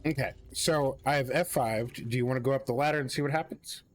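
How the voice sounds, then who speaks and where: Relaxed guy cohosting a game stream, middle pitch, mutters while he plays. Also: brisk, soft background music. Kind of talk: casual chat while playing.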